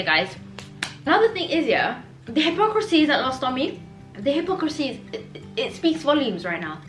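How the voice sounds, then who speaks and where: A young woman chatting casually in a reading vlog, outspoken and animated as she reacts. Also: high voice. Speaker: book vlogger. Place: home room. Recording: roomy echo, faint background music.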